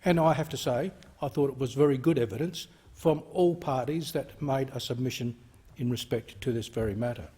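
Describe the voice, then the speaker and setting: Husky Australian man giving a formal speech. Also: medium pitch, dark tone. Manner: measured, deliberate, stresses key words. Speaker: member of parliament. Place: parliament chamber.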